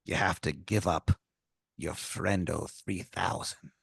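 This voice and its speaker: A scheming pirate tomato growls in slow, drawn-out pirate talk, as a man puts him on. The voice sits low and gravelly. It is recorded close and dry. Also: fairly even intonation, fairly bright tone, dry recording, exaggerated voice. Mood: conspiratorial.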